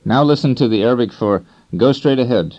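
A man narrating an instructional language course in a measured, explanatory way, telling learners when to listen and repeat. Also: mid-range voice, a little mellow. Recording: dull lo-fi course recording.

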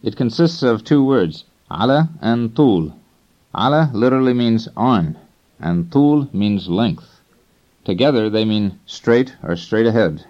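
A man narrating an instructional language course in a measured, explanatory way, telling learners when to listen and repeat. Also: on the low side, lively intonation. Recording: dull lo-fi course recording.

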